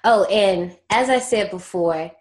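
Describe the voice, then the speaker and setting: A woman hosting a casual movie podcast, telling the story in a lively, slangy way and laughing often. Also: medium pitch, takes it slowly. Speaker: podcast host recapping a horror movie. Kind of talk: casual chat.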